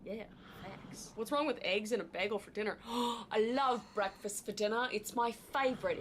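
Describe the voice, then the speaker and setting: A woman YouTuber giving casual, joking reaction commentary on short videos, with quick chatty asides. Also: medium pitch. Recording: steady background noise.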